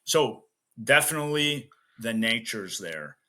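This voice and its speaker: Bright-voiced man, animated coaching stories. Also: mid-range voice, a little slow. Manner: animated, laughs often, emphatic asides. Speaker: weightlifting coach. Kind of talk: casual storytelling interview. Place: Chicago, USA.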